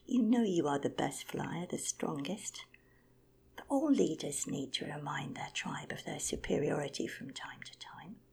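A woman voicing a tiny female hummingbird who coaxes and flatters, in a whispered storybook reading. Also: deep voice, a little slow, vocal fry, breathy edge, heavily acted. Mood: coaxing. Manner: coaxing, flattering.

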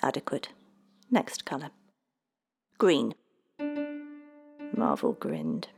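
Woman playing a little male leprechaun, prim, demanding, formal, gravelly, storybook. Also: very deep voice, wildly swooping pitch, drawn-out words, music in the background, full character voice. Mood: imperious. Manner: formal, clipped, bossy orders. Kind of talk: storybook reading.

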